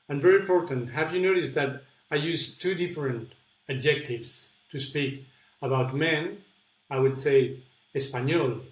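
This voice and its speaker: Man, online teacher, unhurried delivery, fairly high voice, patient and repetitive. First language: Spanish. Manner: patient, repeats examples slowly, answers viewer questions. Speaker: Spanish teacher. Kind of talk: online webinar lesson. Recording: echoey room.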